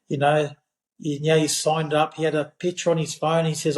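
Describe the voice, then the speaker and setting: High-voiced man telling a yarn. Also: little pitch movement, moderate pace, roomy sound. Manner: rambling anecdote with many fillers. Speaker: podcast guest, parkrun regular. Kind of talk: casual storytelling chat.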